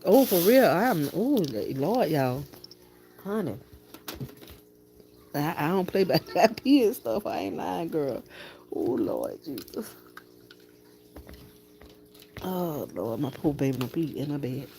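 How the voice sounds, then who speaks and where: Low-voiced woman vlogger, chatty and exasperated. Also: very animated, takes it slowly, gravelly, pauses often, mellow, slight background noise. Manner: exasperated, chatty, talks straight to viewers. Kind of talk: casual chat to viewers. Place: home bedroom.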